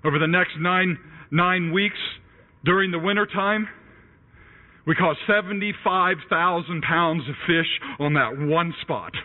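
A man preaching a sermon and telling a personal story in an animated way, raising his voice when he acts out scenes. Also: high-pitched, measured pace. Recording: tinny phone-like radio broadcast.

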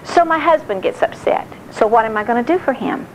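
A middle-aged woman giving a sermon-style talk on marriage, animated and acting out quotes. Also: fairly high pitch, fairly quick, slight background noise, low-quality recording. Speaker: speaker on marriage.

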